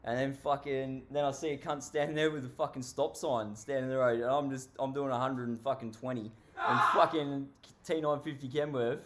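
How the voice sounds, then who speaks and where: An Australian storyteller spins a casual anecdote, swearing heavily, rambling, and laughing as he tells it. His medium-pitched voice is steady and brisk, with slight background noise.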